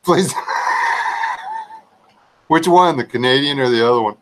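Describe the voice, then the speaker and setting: A man's voice: mid-range voice, a little slow, fairly bright tone, rough recording. A man rambling through casual, folksy livestream chat. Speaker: livestream regular.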